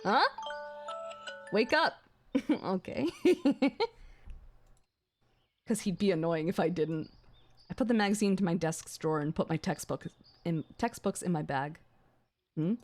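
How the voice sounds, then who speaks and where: A young adult woman streamer reading a visual novel aloud on a gaming stream, excitable and swearing between gasps and laughs. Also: fairly low pitch, unhurried, long pauses, faint music behind.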